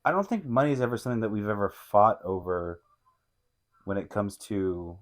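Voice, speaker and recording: A man's voice: on the low side, animated, moderate pace. A man co-hosting a casual couples podcast, laid-back and prone to restarting his sentences and laughing. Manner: laid-back, repeats himself, laughs easily. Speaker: podcast co-host. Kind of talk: casual chat.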